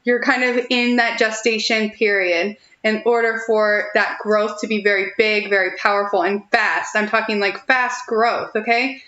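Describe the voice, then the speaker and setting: A woman's voice: medium pitch, steady tone, moderate pace, hardly any pauses, bright, forceful tone, echoey room, lo-fi sound. A young woman giving a chatty, reassuring tarot reading on a live stream, giggling often between thoughts. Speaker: tarot reader.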